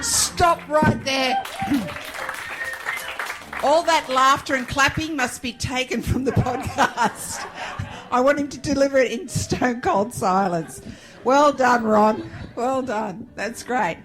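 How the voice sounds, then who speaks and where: High-voiced woman host, slow and breathless at a live event, audience murmur behind. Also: fairly bright tone. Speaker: presenter. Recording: live room with crowd and music.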